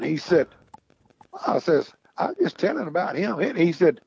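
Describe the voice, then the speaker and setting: A man's voice: on the high side, sing-song, moderate pace, creaky, darkish tone, slightly rough, muffled recording. A man telling rambling folksy stories in casual chat, repeating "he said" as he goes. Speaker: podcast guest storyteller. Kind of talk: casual storytelling.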